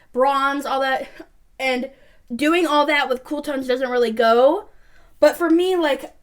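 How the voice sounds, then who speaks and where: High-voiced chatty young woman vlogger. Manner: chatty, rambling, many fillers. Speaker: beauty vlogger. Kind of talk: casual makeup review.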